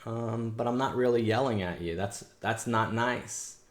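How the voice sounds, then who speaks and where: A man's voice: medium pitch, a little slow. A man hosting a day trading show, talking bluntly and casually in slang, scolding and reviewing trades. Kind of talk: live trading stream chat. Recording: echoey room.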